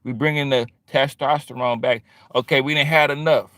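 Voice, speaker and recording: A man's voice: medium pitch, steady tone, normal speed, bright, forceful tone, no room sound, studio quality. A man talking in a rambling, streetwise monologue, full of slang, who keeps drifting into quoting other people. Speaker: vlogger. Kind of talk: casual monologue.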